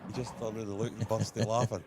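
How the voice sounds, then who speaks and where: A man's voice: lowish voice, level tone, fast talker, background noise. A Scottish man commentating live on a pool match, chatting colloquially and telling anecdotes.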